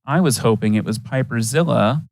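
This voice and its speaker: A man's voice: medium pitch, normal speed, creaky, a little mellow, no echo. A man from Wisconsin giving chatty, enthusiastic live commentary at an aviation competition, with folksy asides. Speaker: event commentator.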